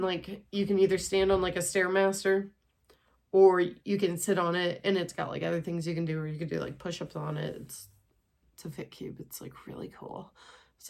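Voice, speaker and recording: Young woman, 20s, casual vlog chat, rambling, swears a bit, gravelly, lowish voice. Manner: chatty, rambling, sprinkled with swearing. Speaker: vlogger. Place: home, walking on a treadmill.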